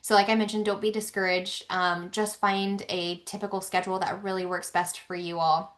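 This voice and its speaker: A woman's voice: mid-range voice, level tone, normal speed, a bit bright. Woman trainer leading a live webinar lecture: conversational and loose, plenty of fillers and restarts. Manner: chatty, many ums and restarts.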